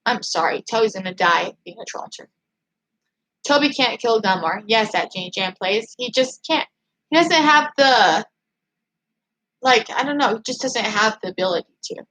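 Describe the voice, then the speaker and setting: A young woman hosting a casual livestream, chatting in an excited, emphatic way as she reads viewer comments. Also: medium pitch, moderate pace, slight background noise, rough recording. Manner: excited, emphatic, gushing fan talk. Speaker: livestream host.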